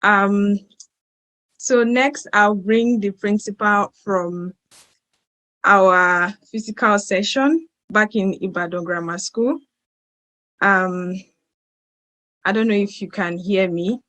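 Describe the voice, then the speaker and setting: A woman's voice: medium pitch, takes it slowly, long pauses, fairly bright tone, poor audio. A woman hosting an online event, hesitant and apologetic, often restarting her sentences. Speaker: event host.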